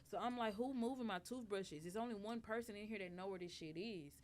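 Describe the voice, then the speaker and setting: A woman telling a story in casual chat on a podcast, animated and profane, acting out the lines she quotes. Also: medium pitch, a little fast. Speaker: podcast guest.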